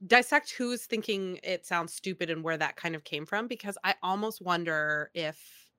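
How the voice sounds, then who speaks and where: A woman's voice: on the low side, moderate pace, a bit bright, smooth, no echo, studio quality. A woman co-hosting a podcast, musing curiously aloud in casual chat. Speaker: podcast co-host.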